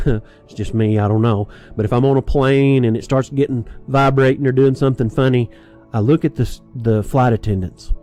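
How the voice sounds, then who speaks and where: A man's voice: medium pitch, dark tone. A man preaching a sermon in a conversational, anecdotal way, chuckling and restarting as he talks.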